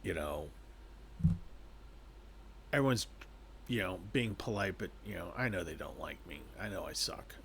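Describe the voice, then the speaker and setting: A timid young saint, sure no one likes her, murmurs with a halting, self-deprecating hesitance. A man puts her on in a soft, lowish voice. She trails off as if apologizing for existing. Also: expressive, a little hiss or hum, heavily acted. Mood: dejected.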